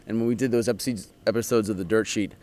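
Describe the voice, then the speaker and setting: A man chatting as a guest in an interview, easygoing and quick to laugh. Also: fairly low pitch, fairly even intonation, a little mellow. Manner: easygoing, laughs often, loose filler-heavy phrasing. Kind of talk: casual interview chat.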